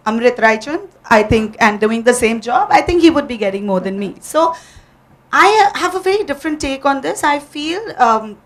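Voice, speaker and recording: A woman's voice: high voice, lively intonation, moderate pace. A woman who hosts a television show, speaking earnestly and persuasively on a panel. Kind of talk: panel discussion.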